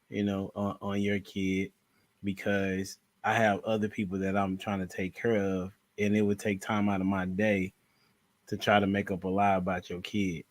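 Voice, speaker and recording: A man hosting a podcast, speaking softly and hesitantly, often trailing off. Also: fairly low pitch, flat delivery, moderate pace, dry recording. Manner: soft-spoken, trailing off, hesitant. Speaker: podcast host. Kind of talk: casual podcast chat.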